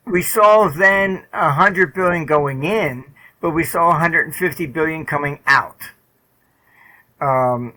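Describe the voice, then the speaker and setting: An older man speaks as an interview guest, blunt and loose, full of fillers and the odd swear. His voice is bright and forceful, sitting a little higher than most men's. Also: low-quality recording. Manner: blunt, rambling, many "um" and "you know" fillers, swears. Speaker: interview guest, market forecaster. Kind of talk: casual interview talk, storytelling.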